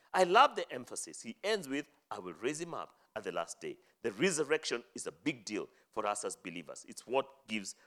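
A man preaching a sermon, reading scripture aloud and explaining it, rising to loud emphatic phrases and dropping to low, quiet endings. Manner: dramatic swings from loud high emphasis to low hushed endings.

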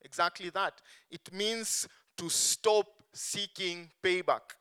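A man preaching a sermon, stressing points strongly and letting phrase endings fall soft and low. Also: steady tone, slow pace, clean tone. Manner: emphatic, swings between strong stresses and soft dropped endings.

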